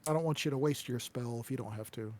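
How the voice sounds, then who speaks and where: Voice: medium pitch, quick pace, darkish tone. A tabletop game player teasing the others playfully while talking casually at the table. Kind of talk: casual tabletop role-play chat.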